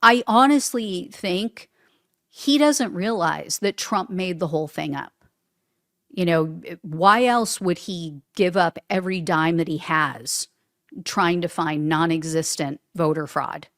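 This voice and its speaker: A woman's voice: fairly low pitch, slow, a bit bright, no room sound, clean studio sound. A woman hosting a political commentary show, talking casually and sarcastically, often laughing at her own remarks.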